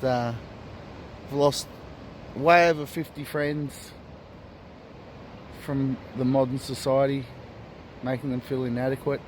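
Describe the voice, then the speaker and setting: Outdoors at a beach, a vlogger with an Australian accent chats casually in a laid-back, rambling way, swearing freely. His voice is mid-range, and background noise can be heard.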